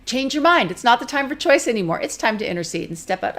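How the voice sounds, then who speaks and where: A lively woman instructor talks through dog handling in a casual, plain-spoken way. She moves quickly between explaining and briefly acting out what an owner or a dog might say. Her tone stays practical and direct throughout. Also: fairly high pitch. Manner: lively, conversational, acts out quick voices of owners and dogs. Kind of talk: recorded teaching talk.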